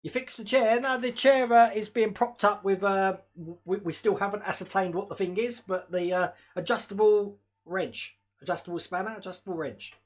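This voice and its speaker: A man's voice: high voice, steady tone, moderate pace. A man hosting a hobby model-building livestream at home, chatting casually and rambling, laughing often and talking to his dog. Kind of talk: casual live-stream chat.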